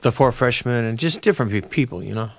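Older man, halting radio guest, middle pitch, dry studio sound, loose rambling speech. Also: animated, no room sound. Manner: halting, restarts, many fillers. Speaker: interview guest, musician. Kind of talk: radio interview.

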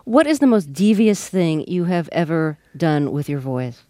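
A woman's voice: low-pitched, very animated, a little slow, mellow, no echo. A woman hosting a radio interview, asking curious questions. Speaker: interviewer host.

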